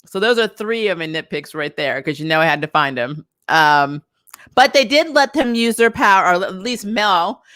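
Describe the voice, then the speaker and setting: Bright-voiced woman ranting about a tv episode, laughs a lot, dry close sound. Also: mid-range voice, moderate pace, no room sound. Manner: animated, laughing, exasperated asides. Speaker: TV review vlogger. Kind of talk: casual spoken TV review.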